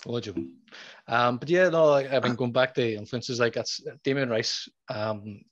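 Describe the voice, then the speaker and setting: A man's voice: medium pitch, moderate pace, no room sound. A man with a Derry accent hosting a casual podcast, rambling and restarting his sentences as he chats. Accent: Northern Irish, Derry. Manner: rambling, restarts often, says "aye". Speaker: podcast host. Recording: slightly dull dry sound.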